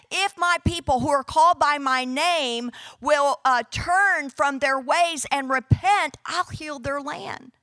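A woman with a high voice delivers a sermon, retelling a scripture story with animated, humorous energy. She slips into casual modern voices for the characters, and the sound is dry and close with no room echo. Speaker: preacher.

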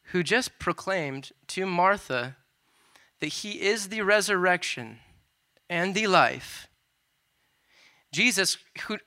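A man preaching a sermon with a very bright, crisp voice, pitched a little above most men. He retells scripture in a loose, conversational way, dropping in casual asides.

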